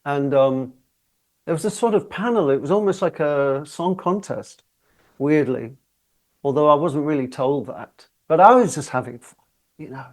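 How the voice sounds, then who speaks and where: A man in his sixties, a guest singer telling stories in a relaxed interview, chatty and often laughing as he talks. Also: a little high, moderate pace. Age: 60s.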